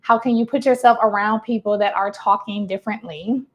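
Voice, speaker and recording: A woman's voice: mid-range voice, fairly even intonation, fairly quick, highs cut off. A woman in her thirties, a life coach, speaking casually to her viewers. She acts out what her clients say and laughs often. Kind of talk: casual motivational talk to camera.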